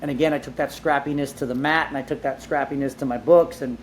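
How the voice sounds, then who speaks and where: A man being interviewed, telling his life story in a casual, animated way, with lots of "like" fillers and casual swearing. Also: medium pitch, fast talker, a little hiss or hum. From Southern California. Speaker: entrepreneur guest.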